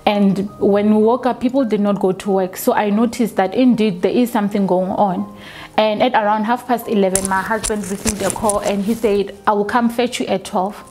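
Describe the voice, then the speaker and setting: A woman, telling her own story for a documentary, slow and halting with frequent restarts. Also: medium pitch, a little mellow. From South Africa. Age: 20s. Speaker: documentary interviewee. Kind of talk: personal testimony.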